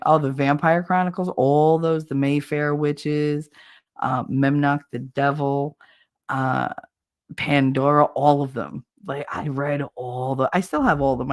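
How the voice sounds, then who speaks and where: A livestream host in her forties speaks in a low, steady voice at a normal pace during a casual chat with viewers. She candidly shares crude anecdotes, laughing frequently.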